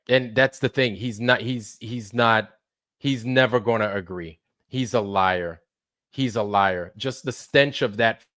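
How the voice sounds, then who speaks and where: A man streaming live, ranting in a heated, profane way, repeating himself and swinging between low mutters and loud outbursts. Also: dry recording, clean studio sound. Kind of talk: heated livestream rant.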